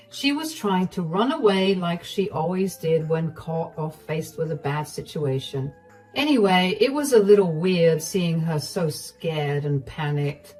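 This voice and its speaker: A woman narrating a first-person story in a steady, matter-of-fact way. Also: on the low side. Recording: distant voice, faint music.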